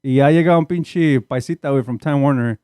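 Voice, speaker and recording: A man's voice: fairly high pitch, fairly quick, dark tone, clear, resonant tone, no echo, studio quality. A man with a Chicano English accent, a podcast host telling a long casual story, profane and laid-back, slipping Spanish slang in.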